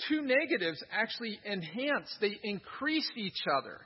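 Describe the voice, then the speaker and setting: A middle-aged man preaching a sermon to a congregation, emphatic and animated, often repeating words as he builds a point. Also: sits high, normal speed, slightly rough. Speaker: pastor. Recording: dull, reverberant hall recording.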